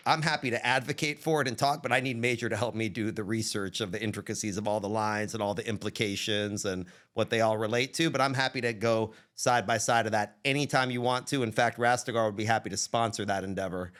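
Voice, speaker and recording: Brief: man guest, Texan, lively casual storytelling with voices for quoted people. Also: lowish voice, fast, hardly any pauses. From Texas. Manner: animated, acts out quoted dialogue. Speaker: guest entrepreneur.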